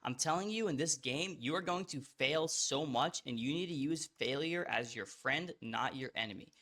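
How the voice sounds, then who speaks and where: A young man hosting an online course, talking casually and bluntly to the viewer with quick restarts. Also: on the high side, sharp tone. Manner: blunt, fast, repetitive restarts, addresses viewer as bro. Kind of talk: casual direct-to-camera teaching.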